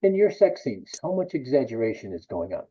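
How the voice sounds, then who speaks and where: Male interviewer, husky and slightly high; blunt, provocative questions; muffled lo-fi audio. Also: big pitch swings, fairly quick.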